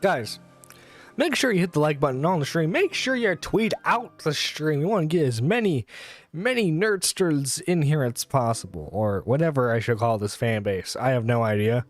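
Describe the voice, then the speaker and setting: A man's voice: a little high, animated, normal speed, soft background music. A man hosting a casual gaming livestream, chatty and rambling while he plays. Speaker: streamer host.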